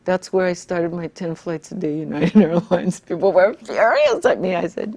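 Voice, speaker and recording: An older woman with a low, deep-set voice speaks in an interview. She talks bluntly and with fire, hammering her points home. Her words come hard and direct. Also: sing-song, normal speed, gravelly, few pauses, a little mellow, no echo. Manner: blunt, fiery, emphatic. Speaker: interviewee, activist and scholar. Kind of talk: reflective interview talk.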